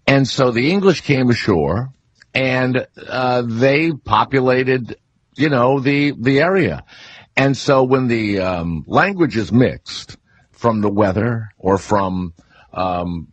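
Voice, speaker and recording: A man's voice: lowish voice, breathy edge. A man in his sixties with a New Orleans accent, hosting a casual radio talk show and telling rambling stories full of fillers and restarts. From New Orleans, Louisiana. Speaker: radio host.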